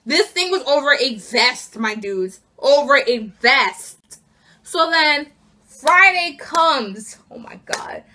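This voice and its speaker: A seventeen-year-old girl ranting her way through a casual vlog story, exasperated and animated. Her voice sits high and sounds bright and forceful. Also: slow. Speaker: student vlogger.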